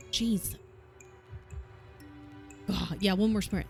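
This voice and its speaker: A woman's voice: medium pitch, measured pace, darkish tone. Chatty Southern-accented woman streamer. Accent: Southern US, softened. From American South. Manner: swears freely, chatty, laughs often. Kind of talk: casual chat while coworking. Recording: faint music behind.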